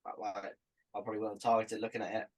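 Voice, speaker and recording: Husky, laid-back man. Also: fairly low pitch, flat delivery, racing, poor audio. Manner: laid-back, hesitant, many fillers. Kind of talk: casual podcast chat.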